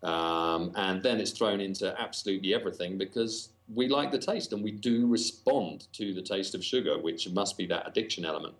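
A man's voice: low-pitched, a little fast, hardly any pauses. A man with a Northern English accent, a podcast guest talking casually with dry humor and many fillers and restarts. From Northern England.

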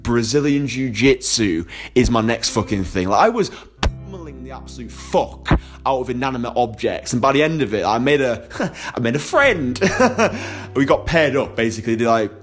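A man's voice: medium pitch, expressive, normal speed, soft background music. A young man, a dating coach, telling a personal story in a casual vlog, candid and heavily profane, laughing often.

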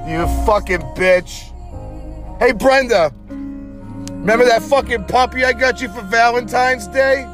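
A man's voice: measured pace, pauses often, music in the background. A man voicing a bitter, jilted man who rants and swears at his ex in a comedy bit. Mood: ranting. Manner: ranting, profane, swinging from low growl to shrill.

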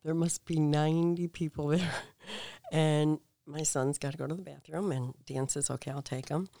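A middle-aged woman chatting as a guest, telling family stories in a lively way and laughing often. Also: deep voice, normal speed, gravelly, no echo. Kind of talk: casual storytelling chat.

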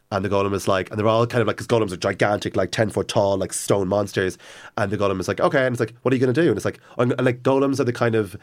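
A man talks quickly and in a low register, jumping between thoughts with lots of fillers. His retelling is eager and rambling, and he sounds like a relaxed fan chatting. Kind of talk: casual chat.

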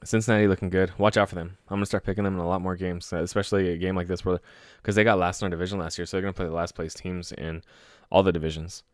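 A man with a deep, low voice runs through game results in a loose, excitable way. He swears freely and laughs at his own stories. The sound is dry and close, with no room around it. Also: racing, few pauses, no room sound. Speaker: sports podcast host. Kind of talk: casual solo sports talk.

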